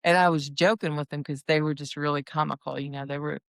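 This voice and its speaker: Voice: mid-range voice, fairly even intonation, fast talker, gravelly, no room sound. A dog breeder telling stories in a casual, rambling chat full of asides. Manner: chatty and rambling, with many restarts and asides.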